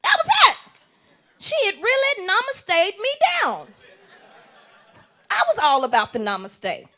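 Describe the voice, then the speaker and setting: A woman doing live stand-up comedy in an animated, conversational way, playing to the audience. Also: very high-pitched, unhurried, some chatter behind.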